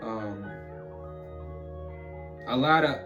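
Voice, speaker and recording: A young man co-hosting a casual talk show, loose and joking and quick to laugh. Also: mid-range voice, music in the background. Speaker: podcast co-host. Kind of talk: casual chat.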